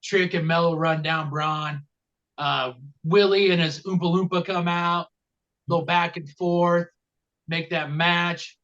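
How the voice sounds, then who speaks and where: A man's voice: steady tone, slow, fairly bright tone. A man co-hosting a wrestling podcast, rambling through the recap with many fillers and dry jokes. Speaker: podcast co-host. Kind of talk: casual comedic wrestling recap. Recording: dull low-quality mic.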